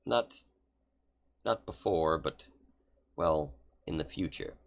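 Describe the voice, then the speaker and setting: Man doing a grave woman time-traveler, low, hushed, slow, tabletop game. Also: highs cut off, exaggerated voice. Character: female time-traveling seer, grave and measured.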